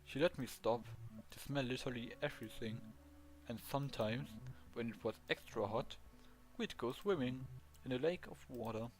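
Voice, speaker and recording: A man's voice: mid-range voice, moderate pace, natural voice. A man with a German accent reading the lines of a cheerful, eager male ghost dog in a video game. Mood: earnest. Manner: earnest, eager, simple phrasing.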